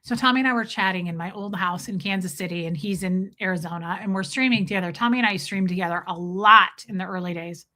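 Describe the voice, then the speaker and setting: Bright-voiced woman chatting on a livestream. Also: medium pitch, fast talker, few pauses. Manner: animated storytelling, self-mocking, greets chatters by name. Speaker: livestream host. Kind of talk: casual livestream chat reading viewer comments.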